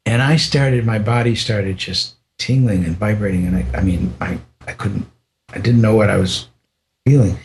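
An older American man, a podcast guest, telling a personal story in a reflective, unhurried way, with frequent restarts and small laughs. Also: fairly low pitch, darkish tone, a little hiss or hum. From United States.

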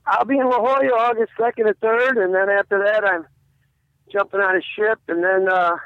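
Animated comedian telling a joke by phone. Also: male voice, high voice, brisk, no room sound, lo-fi sound. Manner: animated storyteller who acts out the voices in his joke. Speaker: comedian guest.

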